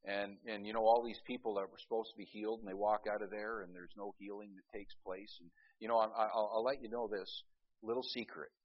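A male pastor preaching a sermon, swinging between loud urgency and quiet intensity, with folksy asides and frequent restarts. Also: on the low side, steady tone, fast talker, lo-fi sound.

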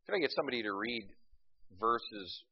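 A man's voice: medium pitch, animated, moderate pace, husky. A man preaching a sermon to a class, asking the room questions and answering them himself, rising for emphasis. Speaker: preacher teaching a Bible class. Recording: dull lo-fi recording.

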